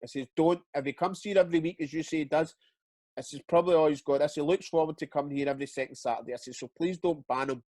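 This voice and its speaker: A man's voice: fairly high pitch, quick pace, a little mellow, no room sound. A Scottish man, a retired footballer, tells stories in a casual interview. He swears freely and often stumbles and repeats words. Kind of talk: casual storytelling chat.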